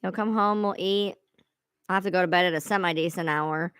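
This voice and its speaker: A woman's voice: lowish voice, fairly even intonation, a little fast, fairly bright tone, clean tone, dry recording, studio quality. A woman chatting casually on a live stream from home, swearing freely and laughing at herself. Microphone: own streaming mic sounding odd.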